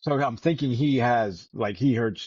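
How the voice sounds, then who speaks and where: A man's voice: medium pitch, moderate pace, darkish tone, slightly rough, no room sound. A man co-hosting a podcast about a novel, joking and swearing as he rambles through the discussion. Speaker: podcast co-host. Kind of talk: casual book-club chat. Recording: dry, dull lo-fi podcast audio.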